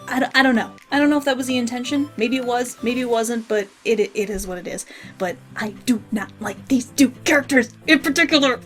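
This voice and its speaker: A woman giving a casual spoken review of a cartoon episode, rambling and frankly opinionated. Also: medium pitch.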